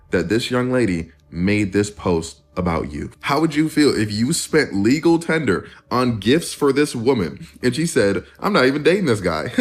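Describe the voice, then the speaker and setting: Commentator, man, mocking and direct, mid-pitched. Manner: mocking, addresses the audience directly. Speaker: social media commentator. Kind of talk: casual commentary to camera.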